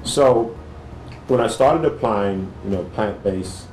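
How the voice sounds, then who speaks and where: A man, a cardiologist, answering interview questions in a measured, thoughtful way with frequent pauses and fillers. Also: on the low side, a little mellow, reverberant, slight background noise.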